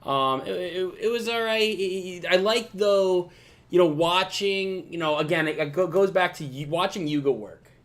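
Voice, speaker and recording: A man with a notably high voice rambles through his thoughts as a podcast cohost. He restarts often and gets excited as he talks. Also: moderate pace. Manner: rambling, filler-heavy, excitable retelling. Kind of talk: casual podcast discussion.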